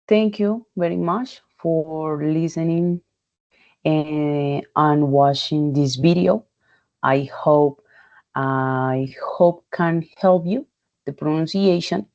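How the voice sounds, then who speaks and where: Woman, low-pitched and very slow, halting pronunciation drill, muffled lo-fi audio. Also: a little mellow. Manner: halting, repeats words and sounds one by one. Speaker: English learner presenting a pronunciation task. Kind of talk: slow, careful pronunciation practice with example sentences.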